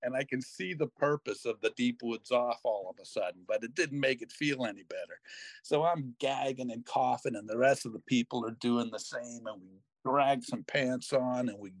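An older man hosting a podcast, telling a long story in a lively, self-mocking way and slipping into other people's voices. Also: medium pitch, moderate pace, dry recording. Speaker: podcast host. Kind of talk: storytelling in casual chat.

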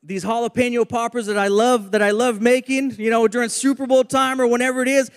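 High-voiced preacher man in a reverberant hall. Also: level tone, brisk, clean tone. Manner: earnest preaching with repeated phrases. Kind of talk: sermon with prayer.

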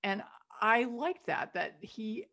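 A woman's voice: fairly high pitch, very animated, takes it slowly, gravelly, sharp tone. A woman co-hosting a casual movie review podcast, frank and opinionated with a wry edge. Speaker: podcast co-host.

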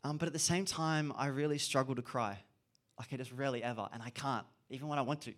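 A man's voice: medium pitch, fast, fairly bright tone. A man giving an earnest, reflective sermon and repeating key phrases for emphasis. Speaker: preacher.

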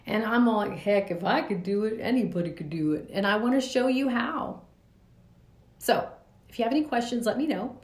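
Woman in her 40s, podcast host, earnest reflective monologue, higher voice, echoey room. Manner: earnest, talks in loose spoken asides.

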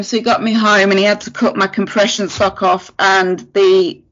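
A woman's voice: mid-range voice, normal speed. A woman, a podcast guest, telling a story in casual chat, acting out what people said and laughing often. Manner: animated, acts out quotes, laughs often. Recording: lo-fi podcast audio.

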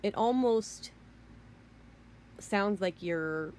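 A woman's voice: mid-range voice, extremely slow, a little mellow, a little hiss or hum. Woman ranting in a rambling, emphatic way. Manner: emphatic, rambling, repeats herself. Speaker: vlogger. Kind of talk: ranting monologue.

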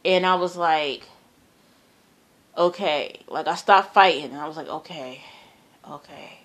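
A woman telling a personal dream story in a casual, earnest way, halting and repeating herself, often trailing off softly. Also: lowish voice. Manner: earnest, emphatic about the terror.

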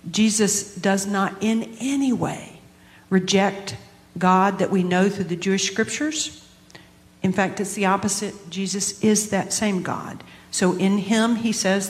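A woman pastor co-hosting a live podcast, explaining scripture in an earnest, measured way. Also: mid-range voice, steady tone. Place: large hall with a live audience. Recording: hall reverb.

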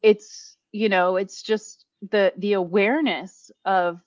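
A woman's voice: mid-range voice, steady tone, takes it slowly, no room sound, highs cut off. A woman guest in casual conversation, talking earnestly and rambling with many fillers. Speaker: interview guest. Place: New Orleans.

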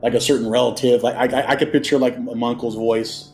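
A man hosting a podcast, telling stories in casual chat and dropping into quick impressions. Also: mid-range voice, fairly even intonation, darkish tone, soft background music. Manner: chatty storyteller, drops into quick impressions. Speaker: podcast host.

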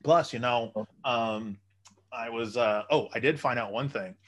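A man's voice: mid-range voice, a little slow. A man in casual chat who tells rambling stories and swears freely; he is hoping to buy a comedy club. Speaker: would-be comedy club owner.

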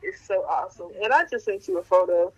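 A woman's voice: mid-range voice, very animated, fast talker, slightly rough, no echo, dull audio. A woman co-hosting a podcast, chatting casually with slangy, exclamatory talk; she works as a teacher. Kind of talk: casual chat.

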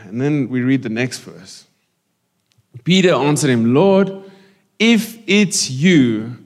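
A man preaching a conversational sermon to his congregation, joking with people and slipping into Afrikaans. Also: medium pitch. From South Africa. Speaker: pastor. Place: church hall. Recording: long reverb of a church hall.

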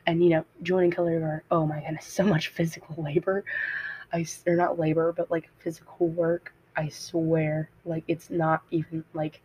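A woman's voice: sits low, level tone, moderate pace, dark tone, slight background noise. A teenage girl hosting a podcast, telling a personal story in a rambling, self-interrupting way and laughing at herself. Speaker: podcast host. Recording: dull lo-fi home mic.

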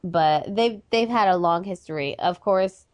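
A woman co-hosting a casual podcast, bubbly and excitable, chatty with lots of fillers. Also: on the low side, a little slow, no echo. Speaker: podcast co-host. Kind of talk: casual chat.

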